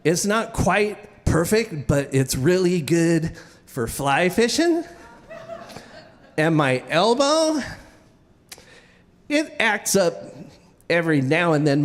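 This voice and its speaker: A man's voice: a little high, animated, slow pace, long reverb tail. A man telling a comic, self-deprecating story live on stage, stammering and restarting as he goes.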